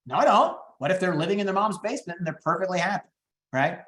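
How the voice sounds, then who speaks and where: A middle-aged man leading a real estate training session, talking in an upbeat, high-energy way and moving quickly through his points. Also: expressive, a bit bright, roomy sound, slight background noise. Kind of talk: training webinar talk.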